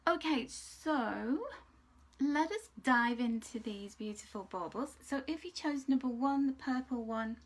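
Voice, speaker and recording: A woman with a fairly high voice giving a casual spiritual card reading. She talks in a chatty, rambling way and now and then drops into a soft whisper. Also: expressive, a little slow. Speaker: angel card reader.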